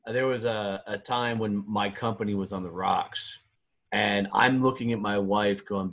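A man's voice: on the low side, fairly even intonation, measured pace, fairly bright tone, no echo. A man hosting a podcast in casual chat, laid-back and loose, swearing now and then and calling his guest "dude.". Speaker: podcast host.

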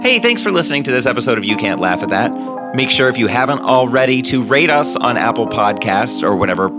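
A man reading the podcast's closing promo in a quick, promotional style. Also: mid-range voice, very animated, loud music behind the voice. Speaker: podcast host. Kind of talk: podcast outro read.

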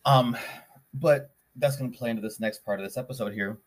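A man's voice: mid-range voice, fairly quick. A man hosting a podcast, telling a story in a rambling, casual way with many restarts. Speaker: podcast host.

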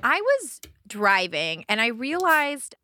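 Lively, bright-voiced woman podcast host. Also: a little high, slow pace. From Southern California. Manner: animated storyteller, acts out quotes. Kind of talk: casual chat.

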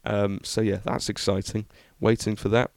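A man's voice: fairly low pitch, level tone, moderate pace, vocal fry, a little mellow, no echo, studio quality. Young man rambling about car news. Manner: rambling, enthusiastic, many ums. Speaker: podcast host. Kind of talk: casual car news chat.

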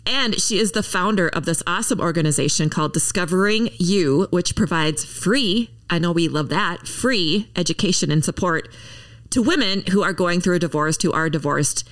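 A woman's voice: fairly low pitch, normal speed, distant mic. A woman hosting a podcast, talking to her listeners in a chatty, encouraging way. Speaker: podcast host. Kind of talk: upbeat podcast intro monologue.

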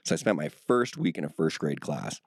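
A man in his thirties, a Spanish speaker, telling stories in a relaxed, casual interview, full of filler words and swearing. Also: extremely low pitch, fairly quick, breathy edge, no room sound, studio quality. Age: 30s. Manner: laid-back storytelling, heavy filler words and swearing. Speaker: guest.

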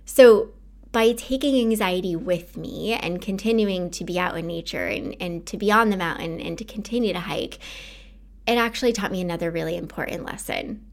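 A woman's voice: lowish voice, moderate pace. A woman hosting a podcast, talking earnestly and casually about her own experience, with many fillers like "like". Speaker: podcast host. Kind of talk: casual personal podcast monologue.

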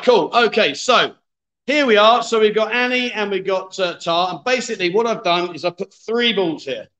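A man's voice: high voice, sharp tone, dull audio. Chatty man hosting a livestream. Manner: chatty, joking, reads viewer comments aloud. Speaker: livestream host. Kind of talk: casual livestream chat.

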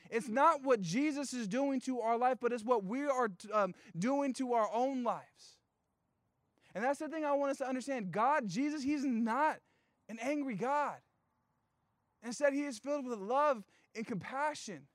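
A young man preaching a sermon, telling a story with animated, playful asides and casual slang. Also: very high-pitched, no echo. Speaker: youth pastor.

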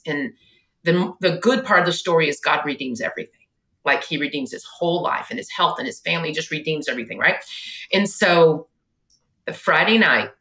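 A woman in her forties telling a painful family story on a podcast, animated and at times tearful. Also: deep voice. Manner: animated, tearful retelling, quotes others in her own voice. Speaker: podcast guest. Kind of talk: emotional personal storytelling. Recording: echoey room.

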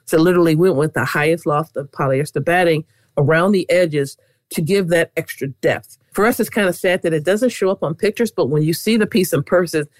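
A middle-aged woman talking as a guest about quilting, animated and keen on saying "literally.". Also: low voice, brisk, no room sound. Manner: animated, leans on "literally" often. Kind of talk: casual interview chat.

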